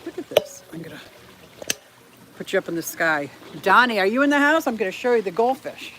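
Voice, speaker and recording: Very animated and fairly quick, a woman with a mid-range voice talks over background noise as she tours her house and yard. Hosting a fish keeping channel, she giggles and chats casually to her pets and viewers in a vlog about her fish and animals.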